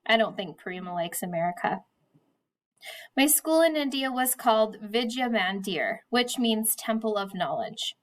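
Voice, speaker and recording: A woman teacher with a fairly high voice explains a class task step by step. She then reads a novel chapter aloud to her pupils, pausing on the odd word with small fillers. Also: lively intonation. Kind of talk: classroom lesson and read-aloud.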